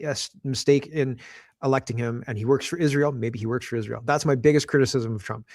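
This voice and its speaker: A man co-hosting a casual political chat over a call, animated, quick to interrupt and laughing often. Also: mid-range voice, no room sound, studio quality. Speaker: podcast co-host.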